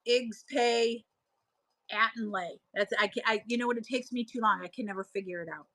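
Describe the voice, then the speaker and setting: A woman's voice: mid-range voice, racing, bright, forceful tone, rough recording. A woman in her thirties hosting a live selling stream, chatting casually and laughing as she answers viewers' comments.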